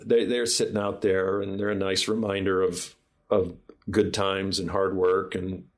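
Male director guest, lower register, anecdotal and meandering, frequent restarts. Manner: rambling anecdotes with many restarts. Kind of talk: casual interview storytelling.

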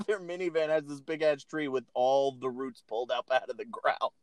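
A man recaps a film scene by scene, giggling as he goes. His voice sits at an ordinary middle pitch. The sound is close and dry. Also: brisk, a little mellow, no echo. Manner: laughs often while retelling scenes. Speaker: podcast host. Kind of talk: casual chat, recapping a film.

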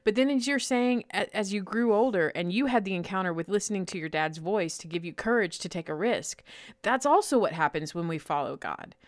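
A woman's voice: medium pitch, lively intonation, a little fast, no echo, studio quality. A middle-aged woman co-hosting a faith-based chat, telling stories with playful voices and laughter. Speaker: co-host.

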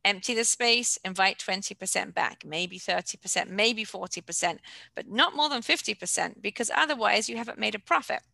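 A middle-aged woman gives brisk, practical organizing advice on an online class. Her voice is bright and forward, and the sound is close and dry with no room around it. She clears her throat now and then. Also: mid-range voice, dry recording, low-quality recording. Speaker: organizing coach giving a talk. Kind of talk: informal online lecture with questions.

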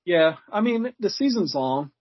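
A man appearing as a guest on a football podcast, rambling as he searches for names and fills pauses with "I mean". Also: high-pitched, sing-song, no room sound. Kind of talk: casual sports chat. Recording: dull lo-fi remote audio.

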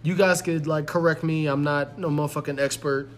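A man's voice: fairly high pitch, steady tone, fairly quick. A man in his twenties co-hosting a podcast, rambling with lots of fillers and swearing freely. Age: 20s. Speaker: podcast co-host. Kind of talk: casual chat.

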